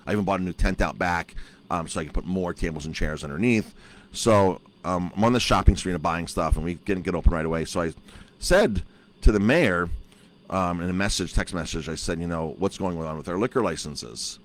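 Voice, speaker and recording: A man with a deep, low-pitched voice talks casually to camera. He tells an exasperated story from his restaurant and acts out his own lines and the officials' replies as he goes. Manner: frustrated storytelling, acts out both sides of conversations. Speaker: chef and restaurant owner.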